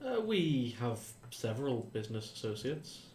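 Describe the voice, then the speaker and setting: A man playing a tabletop game, talking casually in a hesitant, halting way, recorded with a roomy echo. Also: medium pitch, big pitch swings, darkish tone, slight background noise. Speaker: player.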